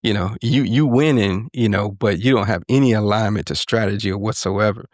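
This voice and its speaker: A low-pitched man talking through ideas as a podcast co-host, earnest and unhurried in tone, tagging his points with "right?" and "you know". His voice sounds dry and close, with no room echo. It fits a relaxed conversation with a co-host. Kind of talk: reflective casual conversation.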